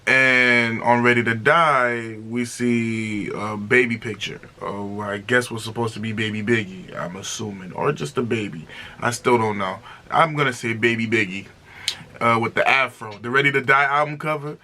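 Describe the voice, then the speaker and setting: In a music reaction video, the male host speaks casually and eagerly, often circling back to repeat himself and breaking into exclamations, at a moderate pace and medium pitch.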